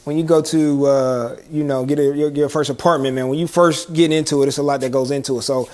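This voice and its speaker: Animated young man telling a story. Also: fairly high pitch, a little fast. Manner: animated storyteller, slangy, laughs often. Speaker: podcast co-host. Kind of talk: casual storytelling chat.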